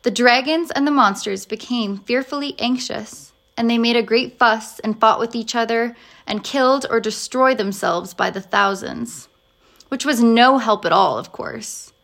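A woman narrating a storybook aloud in a measured, expressive way. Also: on the high side.

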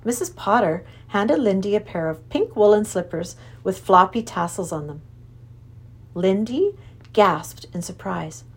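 A woman reading a children's storybook aloud with plenty of expression. Her voice rises and falls a lot, and she keeps the telling lively. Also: mid-range voice, a little slow, slightly rough. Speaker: narrator.

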